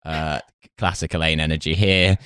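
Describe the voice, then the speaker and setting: A man who does stand-up comedy, chatting as a podcast co-host. His voice is very deep and smooth, with a dry, close sound. He recaps and jokes in a laid-back way. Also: level tone, moderate pace, fairly bright tone, no echo. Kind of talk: casual chat.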